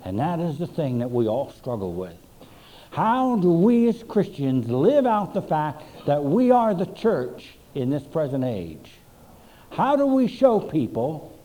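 Slow, dramatic male preacher. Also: on the high side, warm tone, rough recording. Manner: slow, emphatic preaching with dramatic pauses and swells. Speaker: pastor. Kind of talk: sermon.

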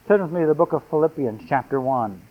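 A man preaching a sermon in a fairly high voice, reading scripture with rising emphasis. The sound is thin and tinny, like it comes over a phone line. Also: expressive, fast.

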